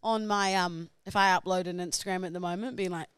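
A woman's voice: fairly low pitch, steady tone, fairly quick, clean tone, no room sound, clean studio sound. A young woman co-hosting a podcast, chatting casually and gushing with giggles. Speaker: podcast co-host. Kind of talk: casual banter.

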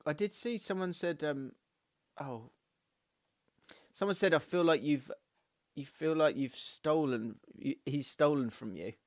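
A man's voice: on the high side, a little slow, pauses often, dry recording, clean studio sound. A man co-hosting a casual football podcast, laughing often as he reads out listener messages and trades banter. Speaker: podcast co-host.

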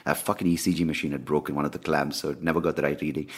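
A man hosting a podcast, telling a personal story in a candid, animated way with plenty of swearing. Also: a bass voice, rapid-fire, slightly rough. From India. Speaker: podcast host. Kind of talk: casual ranting monologue.

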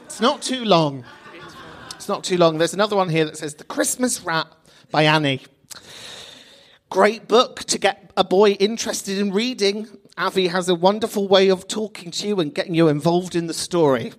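A woman's voice: lowish voice, moderate pace. A woman hosting a live podcast, giggling through casual, incredulous banter. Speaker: podcast host. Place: small theatre, live audience.

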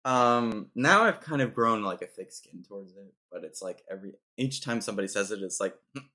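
A man's voice: on the low side, lively intonation, fairly quick, pushed and bright. A young man hosting a casual podcast chat, telling joking stories and saying dude and bro a lot. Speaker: podcast host.

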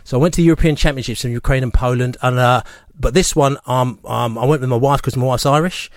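A man, a regular on a radio fan show, telling a long story in a rambling, animated way and acting out the people he quotes. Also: medium pitch, fast, no echo, clean studio sound. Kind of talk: casual radio chat, storytelling. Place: radio studio. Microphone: studio microphone.

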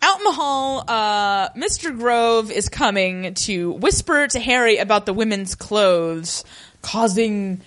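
A woman co-hosting a podcast, recapping an episode in casual, animated chat full of laughter. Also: mid-range voice, slow pace. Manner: chatty, laughing, animated storytelling. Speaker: podcast co-host.

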